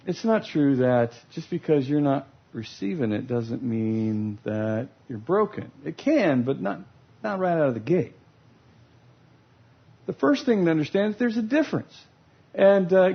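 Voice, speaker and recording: A man's voice: fairly high pitch, very animated, normal speed, breathy edge. A man giving a humorous teaching talk about love languages, playful and laughing as he acts out scenes. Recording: lo-fi recording.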